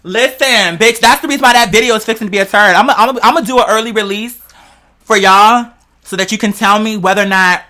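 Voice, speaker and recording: A vlogger rambling on camera to viewers, high on cannabis, playful and heavily profane. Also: a little fast, pushed and bright. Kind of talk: casual rambling vlog monologue.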